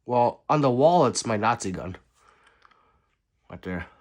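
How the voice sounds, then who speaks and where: A man hosting a livestream, chatting casually and reading out viewer comments, swinging between loud remarks and quiet asides. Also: mid-range voice, expressive, a little slow. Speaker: livestream host.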